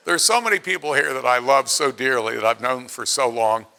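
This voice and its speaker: After-dinner speaker, male, late seventies, from Pennsylvania; bright, chatty, self-mocking storyteller. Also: mid-range voice, a little slow, vocal fry, slight background noise. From Pennsylvania, USA. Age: 70s. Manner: chatty, self-deprecating, acts out quotes in his stories. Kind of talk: anecdotal after-dinner speech.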